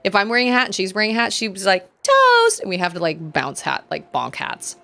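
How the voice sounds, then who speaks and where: A young woman streaming a video game and chatting casually with her viewers, giggling often and greeting them in high, bright bursts. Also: animated, quick pace, gravelly. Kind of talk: casual live-stream chat.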